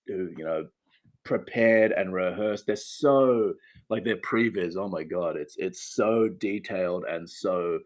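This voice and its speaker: A man in his thirties from Australia, an actor chatting casually in an interview from home, animated, laughing often and restarting sentences. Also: low voice. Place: home with a loft.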